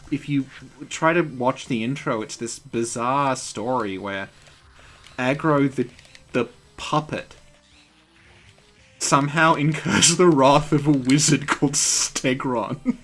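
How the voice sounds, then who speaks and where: A man's voice: mid-range voice, a bit bright. A man hosting a game stream who chats casually and tells rambling, wry stories.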